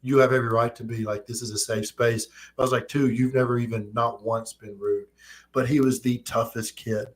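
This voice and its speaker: A man in his thirties hosts a casual live-streamed chat. He tells his stories in quick, animated bursts, and his voice sits at an everyday middle pitch. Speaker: host.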